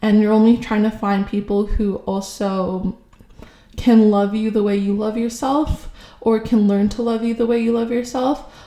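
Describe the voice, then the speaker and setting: A woman giving a casual intuitive tarot reading to camera, musing slowly with many fillers and hesitations. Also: medium pitch, dark tone. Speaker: tarot reader. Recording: echoey room.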